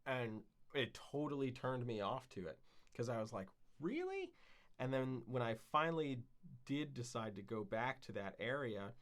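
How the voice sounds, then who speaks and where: A man's voice: medium pitch, normal speed, a bit bright. A man co-hosting a podcast, casually telling a long story with lots of fillers and swearing. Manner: rambling, frequent fillers and swearing. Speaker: podcast co-host.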